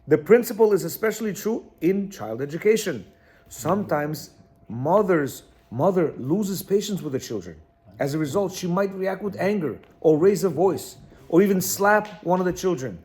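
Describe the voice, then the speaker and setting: Guy teaching a class off a text, high voice that swings all over, keeps repeating himself and going "you hear?". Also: moderate pace. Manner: animated, repeats phrases, checks in with listeners. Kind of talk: reading and explaining a text to a class.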